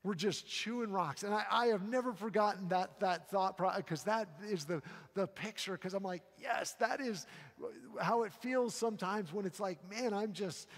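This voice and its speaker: A man preaching a sermon in a casual, halting way, often repeating words as he gathers his thoughts. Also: high-pitched, in a large hall. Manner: conversational, halting with frequent repeats. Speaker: pastor.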